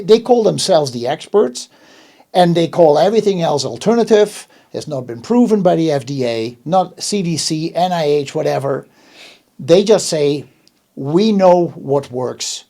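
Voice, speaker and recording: Man, host, mellow tone, emphatic, repeats words, casual interview. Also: a little high.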